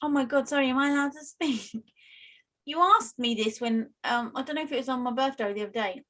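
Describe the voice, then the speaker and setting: British woman chatting on a podcast, bit higher voice, laughs a lot. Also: fast talker, sharp tone. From United Kingdom. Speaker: podcast co-host. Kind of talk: casual chat.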